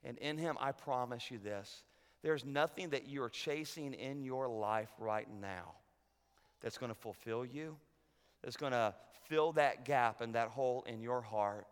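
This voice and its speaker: A male pastor preaching a sermon, swinging from loud urgent peaks to hushed lows. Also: a little slow, smooth. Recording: long reverb of a large hall.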